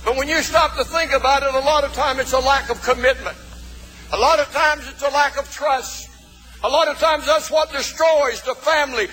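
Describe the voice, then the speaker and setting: A male pastor preaching a sermon in a folksy way, calling out to the congregation and shouting for emphasis. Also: very high voice. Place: church. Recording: long reverb of a church hall.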